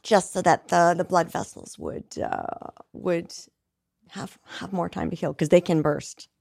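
A woman's voice: on the low side, big pitch swings, a little slow, creaky, darkish tone, husky, dry recording. Reflective middle-aged woman, dry close sound. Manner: reflective, earnest, with restarts and stretched words. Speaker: guest, singer. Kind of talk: candid conversational interview.

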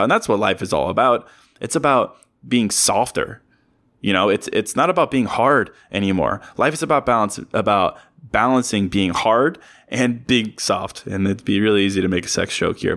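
A man's voice: on the low side, animated, normal speed, a bit bright. A man hosting a podcast, giving a casual, earnest motivational talk with repeated phrases and small joking asides. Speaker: podcast host.

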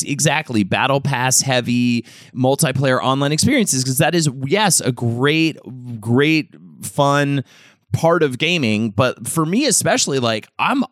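In a dry, clean studio recording, a man co-hosting a podcast rambles enthusiastically through casual chat, restarting often. His voice is mid-range and a bit bright.

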